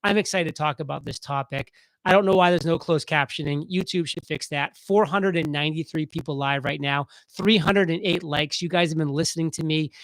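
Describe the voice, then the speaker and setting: A man hosting a casual live stream, talking fast and excitedly as he reads viewer comments aloud. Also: on the high side, dry recording, rough recording.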